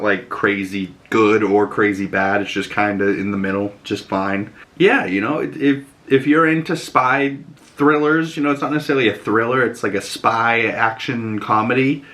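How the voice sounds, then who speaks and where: A man's voice: mid-range voice, bright, forceful tone. A man, talking through a movie review in a chatty, enthusiastic vlog style, full of "you know" and casual swearing. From Boston. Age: 20s.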